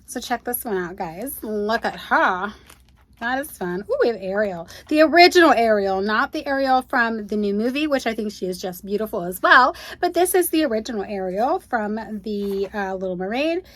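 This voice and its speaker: A woman's voice: on the high side, lively intonation, moderate pace, fairly bright tone. A woman, unboxing at home and gushing to her viewers in casual chat. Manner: gushing, exclaims often, addresses viewers as you guys. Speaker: unboxing video host. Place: home room.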